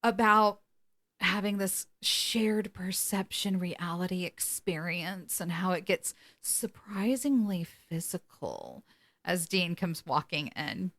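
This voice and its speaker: Bright-voiced woman co-host, animated casual storyteller. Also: lowish voice, slow. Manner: animated retelling, quoting characters with laughs. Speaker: podcast co-host. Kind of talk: casual episode recap.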